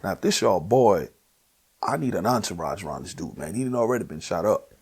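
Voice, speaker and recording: A man with a New Orleans accent telling his personal testimony, earnest and emotional, at times sinking to a hushed near-whisper. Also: low voice, lively intonation, fairly quick, slightly rough. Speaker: guest sharing his testimony.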